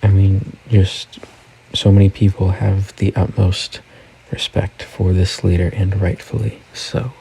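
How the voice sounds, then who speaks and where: Deep gravelly man hosting a news recap. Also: level tone, a little slow, dark tone, a little hiss or hum, low-quality recording. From United States. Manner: conversational, reads quotes aloud. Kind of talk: casual news commentary.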